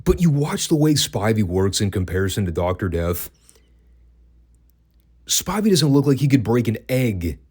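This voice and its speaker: Reviewing vintage wrestling shows on his podcast, a man with a slightly low, husky, somewhat mellow voice talks in a sing-song way at a moderate pace, pausing often. His loose humor is dry and profane, and he occasionally cracks himself up.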